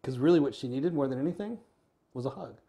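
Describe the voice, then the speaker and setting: An American man telling a story in an interview, earnest and quick, acting out the lines of the people in it. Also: medium pitch, lively intonation, vocal fry, warm tone. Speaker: podcast guest.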